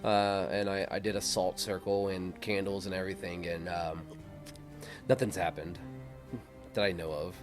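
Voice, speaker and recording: Rambling low-voiced guy, cussing casually. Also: flat delivery, moderate pace, over music. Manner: rambling, profane, drops to a mumble. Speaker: podcast co-host. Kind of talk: casual chat.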